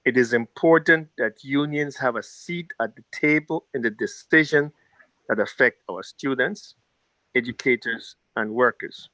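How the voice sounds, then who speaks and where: A man's voice: medium pitch, a little slow, pushed and bright. A man who leads a labor union, giving an earnest, rallying speech over a video call at an online town hall and repeating his key phrases.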